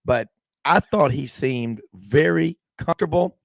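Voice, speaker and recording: A man's voice: a little high, measured pace, gravelly, no room sound. A man hosting sports radio in casual talk, jumping in eagerly and repeating words as he starts.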